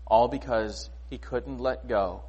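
A man preaching a sermon in a conversational, animated way, often asking rhetorical questions. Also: mid-range voice, slow pace, husky, lo-fi sound. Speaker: pastor.

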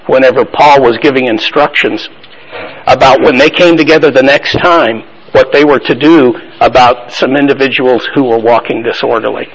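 A man's voice: mid-range voice, fairly bright tone, poor audio. A man teaching a Bible study class in a plain-spoken, conversational way, asking the group questions and affirming their answers.

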